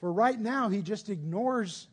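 A man's voice: sits high, a little slow, breathy edge. A man preaching a conversational sermon, explaining patiently and putting rhetorical questions to his listeners.

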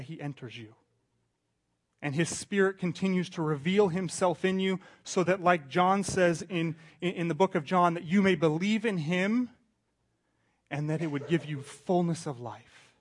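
A man in his thirties preaches with a slightly raised pitch, talking to his congregation as if in conversation. He drops to near-whispers, then climbs loud and high, often restarting his sentences. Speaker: pastor. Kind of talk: sermon.

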